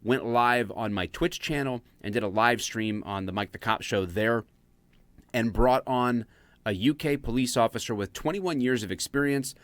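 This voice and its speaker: A man's voice: medium pitch, normal speed, fairly bright tone, no echo. An American man hosting a live-streamed talk show, chatting casually and jokingly with plenty of fillers. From United States. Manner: rambling, jokey, lots of fillers.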